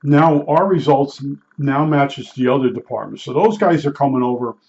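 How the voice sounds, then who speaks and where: A man's voice: medium pitch, normal speed, darkish tone, muffled recording. An older man from New Jersey telling rambling, blunt stories from his working life, with lots of restarts and salty asides. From Newark, New Jersey. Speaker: vlogger recalling his work as a meter calibrator. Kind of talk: rambling casual storytelling.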